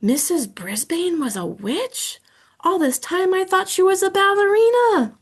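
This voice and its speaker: A woman voicing an excited young schoolboy who shouts out his words. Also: very high-pitched, measured pace, voice pushed up, heavily acted.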